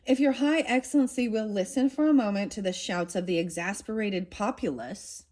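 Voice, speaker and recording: Woman reading a nervous fawning court official guy, soft plain storybook read. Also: medium pitch, normal speed, natural voice. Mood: timid.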